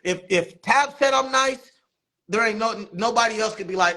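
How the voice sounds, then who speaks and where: High-voiced man telling animated stories. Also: normal speed. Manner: animated storytelling, laughs often, acts out quotes. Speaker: guest barber and basketball coach. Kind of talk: casual interview chat.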